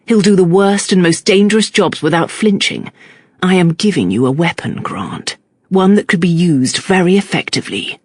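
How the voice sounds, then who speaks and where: A narrator voicing a calm, stern middle-aged male magistrate in an audiobook, measured and quietly threatening. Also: mid-range voice, breathy edge, no echo, studio quality. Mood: cool, stern.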